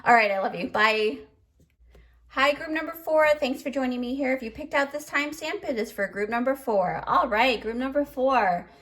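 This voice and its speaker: A woman's voice: high-pitched, moderate pace, hardly any pauses, a bit bright. A woman giving a pick-a-card tarot reading in a chatty, emotional way, full of fillers, and choked up. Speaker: tarot reader.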